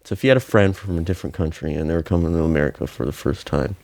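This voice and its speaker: A man with a very low voice, co-hosting a casual podcast and reading out questions. He explains things earnestly and steadily, recorded close and dry. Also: very fast, vocal fry, a little mellow, no room sound. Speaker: podcast co-host. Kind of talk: casual chat.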